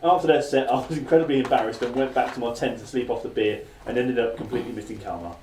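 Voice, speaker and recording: A man in his thirties, hosting a casual chat show and telling self-mocking stories at a quick clip. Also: mid-range voice, background noise. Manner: fast, chatty, self-mocking anecdotes. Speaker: podcast host. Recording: roomy sound from a distant mic.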